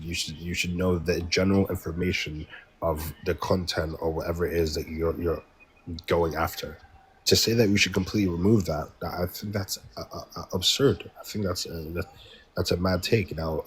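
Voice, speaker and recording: English man, debate guest, deep, stumbling repeats, faint hiss on the line. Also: fairly bright tone, rough recording. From England. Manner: hesitant, repeats words, interrupts. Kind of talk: heated online debate.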